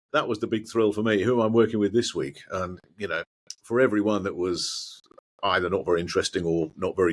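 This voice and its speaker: Chatty low-voiced man telling stories. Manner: animated, chatty, swears mildly, frequent restarts. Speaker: guest, former sports broadcaster. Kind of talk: anecdotal storytelling in conversation.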